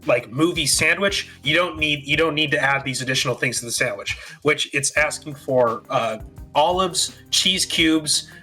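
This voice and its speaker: A man's voice: fairly high pitch, normal speed, pushed and bright, soft background music. A man co-hosting a podcast in casual chat, rambling with fillers and the odd swear word. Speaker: podcast co-host.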